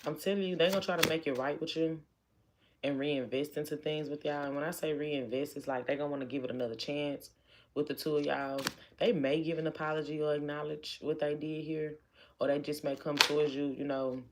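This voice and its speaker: A woman's voice: deep voice, steady tone, fairly quick, a little hiss or hum. A woman giving a casual tarot reading, talking chattily and repeating lines for emphasis. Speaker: tarot reader.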